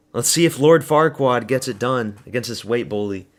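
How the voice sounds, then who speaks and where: A man hosting a live fight watch party stream, calling the action in a loose, chatty way. His voice sits at an ordinary middle pitch, and he swears freely while answering chat. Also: animated, normal speed. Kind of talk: casual live fight commentary.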